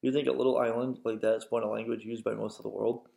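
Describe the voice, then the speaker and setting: A man's voice: mid-range voice, little pitch movement, quick pace, creaky, mellow. A man voicing a wry, amused grown man in a storybook read-aloud.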